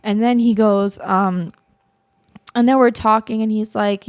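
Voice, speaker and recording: A young woman hosting a podcast, telling a personal story in casual chat and acting out family members' lines with lively exaggeration. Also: mid-range voice, a little slow, clear, resonant tone. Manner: animated, quotes family members in exaggerated voices. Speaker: podcast host.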